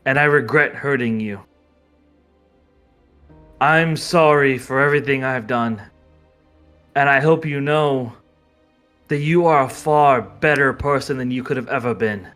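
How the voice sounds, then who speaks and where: A man's voice: mid-range voice, unhurried, long pauses, fairly bright tone, soft background music, natural voice. A man voicing a remorseful older scientist who once did cruel things, speaking in a tearful, confessional way.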